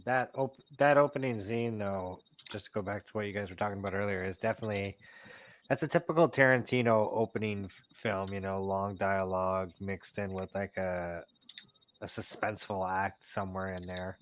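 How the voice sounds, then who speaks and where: Rambling low-voiced man in movie chat. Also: moderate pace, a little hiss or hum. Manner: rambling, restarts, animated. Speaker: podcast guest.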